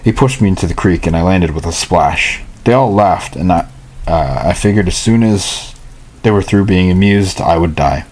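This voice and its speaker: A man at home reading a novel aloud in a halting way. He often stumbles and goes back to reread lines, and he stops now and then for casual asides. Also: sits low, a little mellow. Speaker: hobby reader.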